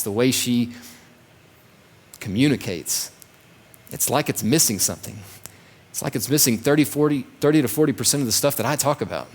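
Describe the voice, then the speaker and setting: A man preaching a sermon as pastor, emphatic and repetitive, sometimes acting out complaining voices. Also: lowish voice. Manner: emphatic, repeats phrases, acts out grumbling voices.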